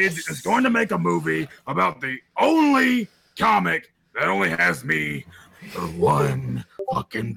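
A man's voice: a little high, creaky, sharp tone, a little hiss or hum. A man who voices a character, chatting and jokingly ribbing the host on a live stream. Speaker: voice actor guest. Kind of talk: casual chat on a live stream.

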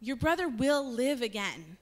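Jesus as a calm, steady teacher, read out by a woman in her own fairly high voice. The tone is plain and unhurried, like a storyteller in a church retelling a familiar scene.

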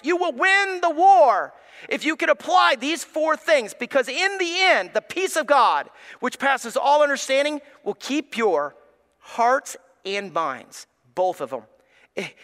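A man, preaching a sermon as pastor, swinging from hushed tones to shouts. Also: high-pitched.

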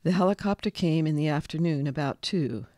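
A man reading a local history story aloud in a calm, measured scripted narration. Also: fairly high pitch, dry recording, studio quality.

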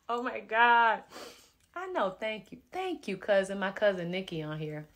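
A woman in her thirties talks to her viewers through a phone live stream from home. Her delivery is unhurried and loose, chatty, with laughing asides as she reads their comments. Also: mid-range voice, very animated, a bit bright. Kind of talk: casual chat reading viewer comments. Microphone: phone camera.

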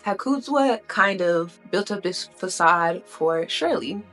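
A woman with a lowish voice tells a story in a loose, chatty way, tossing in "right?" and "you know" as she goes. Faint music plays underneath her. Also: lively intonation, slow pace, a bit bright. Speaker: commentary vlogger. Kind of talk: casual storytime retelling.

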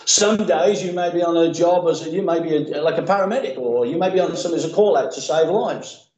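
A man's voice: fairly high pitch, a little fast, a little mellow, roomy sound, rough recording. A man preaching a sermon as pastor, earnest and emphatic with mocking asides. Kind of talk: sermon with opening prayer. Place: church sanctuary.

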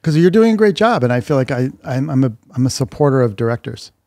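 A man's voice: medium pitch, very animated, fast talker, darkish tone, no room sound, studio quality. A middle-aged man, a film director, chatting wryly as a podcast guest in a living room. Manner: wry, joking. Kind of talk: casual chat.

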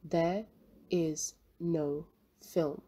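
A woman voicing an elderly male Chinese professor who speaks in a low, bitter, guarded tone. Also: fairly even intonation, normal speed, mellow. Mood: firm.

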